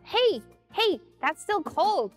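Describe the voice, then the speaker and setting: A woman guest in a home kitchen, chatting while cooking, animated and quick to laugh. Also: extremely high pitch, faint music behind. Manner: animated, laughing, bossy about pours. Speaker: guest food creator. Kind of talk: casual chat while cooking and drinking.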